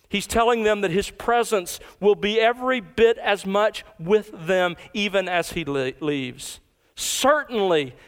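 A pastor preaching an emphatic expository sermon, slowing down to stress key words. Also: male voice, high-pitched, clean tone.

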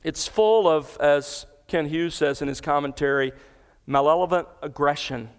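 Male pastor, sermon delivery, resonant and clear tone, big reverberant church. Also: on the high side, moderate pace. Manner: earnest expository preaching, cites scripture references.

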